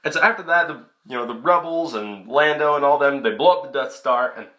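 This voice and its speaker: Excitable young man reviewing a film. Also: mid-range voice, brisk. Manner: chatty, excitable, many restarts. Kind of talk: casual vlog review. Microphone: camera mic.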